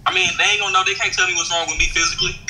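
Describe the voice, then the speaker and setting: Brash young guy, joking and slangy, high and sharp-toned. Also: flat delivery, racing, a little hiss or hum, poor audio. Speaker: video chat stranger. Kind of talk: casual chat and freestyle rap.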